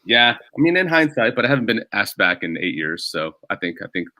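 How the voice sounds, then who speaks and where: A man's voice: fairly low pitch, big pitch swings, a little fast, sharp tone. A male stand-up comedian as a guest on a casual podcast, telling rambling self-deprecating stories.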